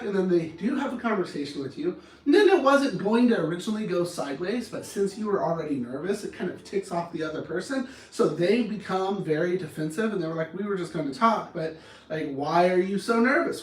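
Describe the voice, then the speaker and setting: High-voiced man coaching on anger, echoey. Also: recorded from a distance. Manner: animated, acts out arguments in different voices. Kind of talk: motivational talk on anger. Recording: roomy echo, speaker off-mic.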